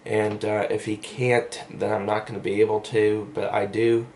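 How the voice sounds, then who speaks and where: A man's voice: fairly low pitch, level tone, moderate pace, darkish tone, a little hiss or hum. A young man telling a story in a casual vlog, rambling with lots of fillers and asides, recorded on a camera mic. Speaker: vlogger.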